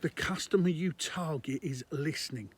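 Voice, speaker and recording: A man's voice: fairly high pitch, normal speed, breathy edge. A man, a business consultant, giving conversational and emphatic business advice to camera, repeating his points.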